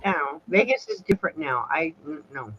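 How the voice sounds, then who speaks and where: A woman's voice: low-pitched, expressive, normal speed, bright, forceful tone, muffled recording, slight background noise. A woman in casual chat, dropping blunt, wry remarks.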